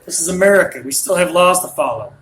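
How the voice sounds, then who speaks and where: A man's voice: sits high, animated, fast talker, a bit bright, a little hiss or hum, rough recording. A man in his late thirties delivering a ranting monologue, worked up and jumping from point to point as he talks. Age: late 30s. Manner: worked up, rambling, jumps between points.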